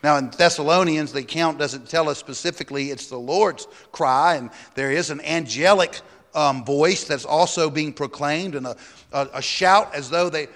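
Preaching in a reverberant church sanctuary, a man whose voice is somewhat high and a bit bright stresses his message and puts rhetorical questions to the congregation.

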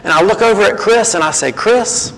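High-pitched preacher guy, swoops up and down, slow, reverby hall. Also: a little hiss or hum. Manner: animated, acts out quoted voices. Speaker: guest preacher. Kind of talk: sermon.

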